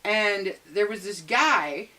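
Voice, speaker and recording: A woman's voice: mid-range voice, lively intonation, takes it slowly, bright, forceful tone. A young adult woman co-hosting a casual chat, rambling with many fillers. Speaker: co-host.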